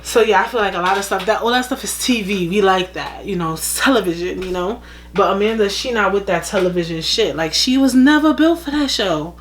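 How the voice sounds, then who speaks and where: A woman vlogger giving casual gossip commentary, animated, blunt and profane. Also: mid-range voice, a little fast, a little hiss or hum.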